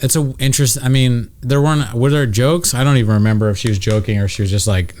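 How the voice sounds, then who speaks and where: A man's voice: medium pitch, fast, hardly any pauses, darkish tone. A man co-hosting a comedy podcast, chatting casually and joking, laughing often and sounding a bit worn out after a trip. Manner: joking, laughs often, slips into mocking put-on voices. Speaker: podcast co-host.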